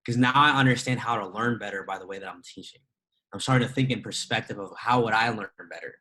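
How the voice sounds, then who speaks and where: A man's voice: fairly low pitch, quick pace, sharp tone, low-quality recording. A man working as a trading educator, talking casually and emphatically, firing off rhetorical questions and laughing often. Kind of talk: casual motivational talk.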